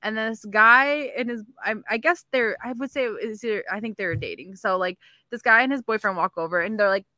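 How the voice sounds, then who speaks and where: A woman co-hosting a podcast, telling an animated story in casual chat and acting out the people in it. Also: a little high, normal speed, no echo, studio quality. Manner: animated anecdote-telling with quoted voices. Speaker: podcast co-host.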